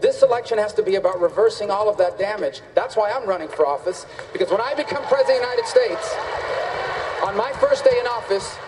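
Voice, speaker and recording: A man's voice: high voice, animated, fast, heavy background noise. A man running for president, giving emphatic, repetitive debate answers on a stage. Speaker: presidential candidate. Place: large debate hall on stage. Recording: reverberant debate hall.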